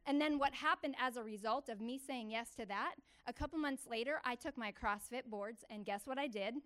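A woman preaching a testimony sermon to a church gathering, telling her story with animated, emphatic repetition. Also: on the high side, brisk. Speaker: church speaker.

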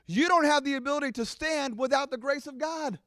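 A middle-aged man preaching a sermon to his congregation, animated and acting out the voices of his listeners. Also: very high voice, a little fast, dry recording, clean studio sound. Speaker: pastor.

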